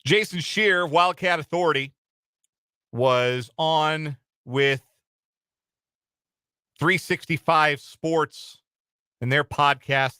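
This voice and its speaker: A man's voice: medium pitch, sharp tone, clear, resonant tone, dry recording. A man hosting a sports talk radio show from a studio, talking in a casual, chatty way with some uh fillers and repeats. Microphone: studio microphone.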